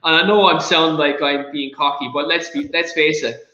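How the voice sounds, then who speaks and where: A man's voice: fairly high pitch, steady tone, normal speed, pushed and bright, dull audio. Fired-up Irish man in an echoey room. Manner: passionate, rants and gets the giggles. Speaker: podcast host. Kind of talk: casual football chat.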